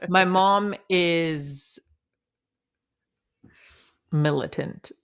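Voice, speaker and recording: A woman co-hosting a podcast, chatting casually about a reality show with quick jokey asides and frequent laughter. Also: fairly low pitch, smooth. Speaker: podcast co-host.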